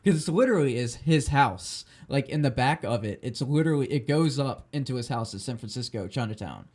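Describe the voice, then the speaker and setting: A man's voice: medium pitch, lively intonation, fairly quick, a little mellow. Drunk guy, podcast host, rambling, swearing, lots of ums and restarts. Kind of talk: rambling storytelling chat.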